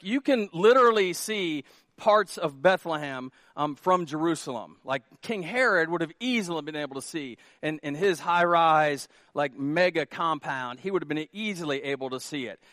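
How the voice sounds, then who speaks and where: Animated joking preacher, a man. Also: fairly high pitch, no echo, studio quality. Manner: animated, jokey preaching with many repeated words. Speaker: pastor. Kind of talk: sermon.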